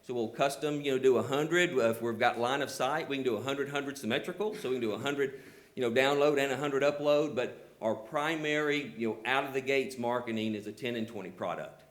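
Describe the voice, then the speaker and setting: Speaking fairly quickly in a mid-range voice, this older man presents his telecom company at a public hearing and answers questions. He has a rural Southern accent from Georgia and talks earnestly, sprinkling in lots of "you know."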